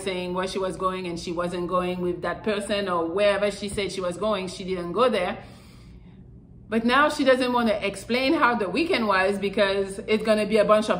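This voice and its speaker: Rough recording of a woman vlogger with a medium-pitched, slightly bright voice and a little hiss or hum in the background. She talks to the camera casually, handing out blunt, profane dating advice in a loose, rambling way full of fillers.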